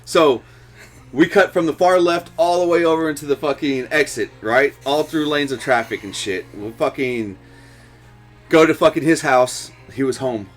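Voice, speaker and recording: Profane, animated storytelling man. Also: fairly high pitch, normal speed, soft background music. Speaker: co-host. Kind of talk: casual chat.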